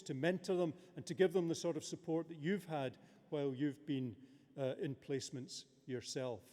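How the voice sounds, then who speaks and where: A man's voice: a little high, warm tone. A man presiding over a graduation ceremony, giving a formal, good-humoured address with many hesitations, speaking into a lectern microphone in a large abbey. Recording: long reverb of a large abbey.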